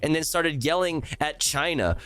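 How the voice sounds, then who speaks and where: A man's voice: fairly high pitch, moderate pace, a bit bright, smooth, soft background music. A male streamer ranting sarcastically and with heavy profanity while reacting live to a news clip.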